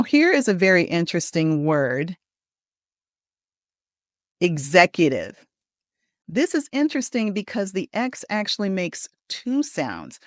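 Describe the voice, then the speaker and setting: An American woman working as a pronunciation coach leads an upbeat lesson, saying model words slowly and deliberately so the listener can repeat them. Her voice is fairly low, and the recording is dry and studio-clean.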